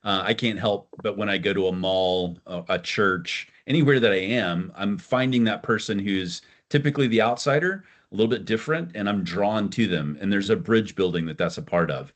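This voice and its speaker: A middle-aged man co-hosting a podcast, speaking in a warm, reflective way and prompting his son with questions. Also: on the low side, a little fast, hardly any pauses. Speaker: podcast co-host, father. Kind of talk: casual conversation.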